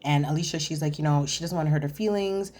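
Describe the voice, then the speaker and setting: A woman's voice: deep voice, fast talker, darkish tone. A woman hosting a chatty, sassy recap of a reality TV episode, talking straight to her viewers. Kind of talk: casual episode recap commentary.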